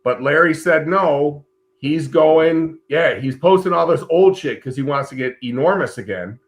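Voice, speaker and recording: A middle-aged man co-hosting a casual chat show, telling stories in a relaxed, blunt and profane way. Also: fairly high pitch, normal speed. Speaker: co-host.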